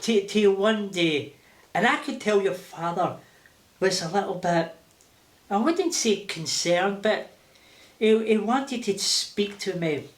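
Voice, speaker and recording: An older man with a Glaswegian accent, telling lively stories with laughter as an interview guest. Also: high-pitched, slow pace. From Scotland. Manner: animated, laughing, acting out voices. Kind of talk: casual storytelling. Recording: roomy echo.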